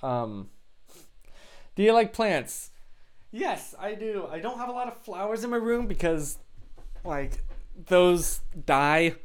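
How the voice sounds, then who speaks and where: Rambling, self-mocking young man, slow. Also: sits high, sing-song. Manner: rambling, self-deprecating, laughs often. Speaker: live streamer. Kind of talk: casual chat with live chat readers. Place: his own room.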